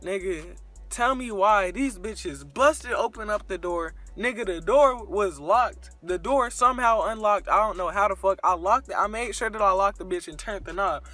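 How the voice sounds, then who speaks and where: Young guy vlogger, slightly high, punchy bright voice, crude slangy storytelling, faint music behind. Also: normal speed. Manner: crude, slangy, animated retelling. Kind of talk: casual storytime.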